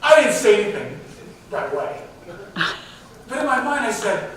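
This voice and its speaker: A diversity speaker with a fairly high, slightly bright voice gives a very animated live talk to a company audience at normal speed, with long pauses, speaking directly and repeatedly questioning the crowd. The mic is far from him in a heavily echoing hall, and a faint hiss runs beneath.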